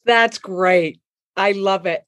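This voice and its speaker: Woman interviewer, encouraging, dry close recording, mid-pitched voice. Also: slow pace, a bit bright, no echo. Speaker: podcast host. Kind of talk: casual interview.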